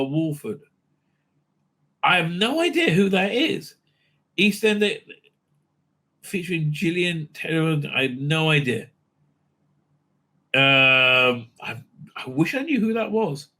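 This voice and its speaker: A man delivers furious reaction commentary to the clips he is watching, swearing freely and mocking what he hears. His voice sits high for a man and cuts with a very bright, sharp edge. He stammers through fillers and restarts as the rant builds. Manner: profane, sneering ranting with many fillers. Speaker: channel host reacting to clips.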